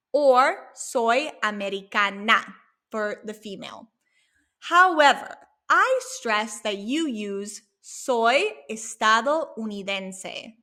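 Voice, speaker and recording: A woman teaching a Spanish lesson, slowly modeling words and encouraging the listener to repeat after her. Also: on the high side, sharp tone. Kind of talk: language lesson.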